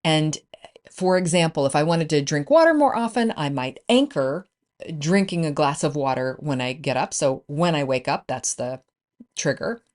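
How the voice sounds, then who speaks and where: Female coach-host, upbeat and chatty, lower pitch with big swings. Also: lively intonation, normal speed, a little mellow. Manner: upbeat, encouraging, conversational with fillers. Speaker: business coach and podcast host. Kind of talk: solo podcast talk.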